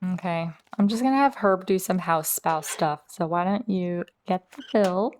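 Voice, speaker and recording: A woman's voice: fairly low pitch, normal speed, darkish tone, slight background noise. A woman hosting a casual let's play, chatting through her gameplay and talking straight to her game characters.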